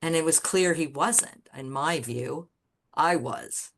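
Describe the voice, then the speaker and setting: Woman, low voice, podcast guest, candid storyteller, blunt, animated. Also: slow, creaky. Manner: blunt, candid, swears freely; animated storyteller who acts out quoted people. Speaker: podcast guest, graphic designer. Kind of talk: casual storytelling interview.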